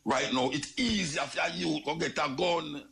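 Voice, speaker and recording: A Jamaican man talks in a lively, exclamatory stream, slipping in and out of patois. His voice sits a little high for a man, with a gravelly, crackling edge. He keeps it casual and full of emphatic asides. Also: a little slow. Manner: animated, exclamatory, patois-laced. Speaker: commentator. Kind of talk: casual commentary monologue.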